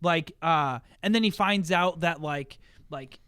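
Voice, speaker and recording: A man's voice: a little high, a little slow, pushed and bright, clean tone, dry recording, clean studio sound. A young man co-hosting a podcast, rambling, swearing freely and acting out movie scenes in casual chat. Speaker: podcast co-host.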